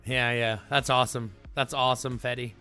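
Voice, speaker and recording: A man hosting a livestream, chatting casually with viewers in a rambling, animated way full of fillers. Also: medium pitch, a little fast, clean tone, no room sound, soft background music. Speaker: livestream host.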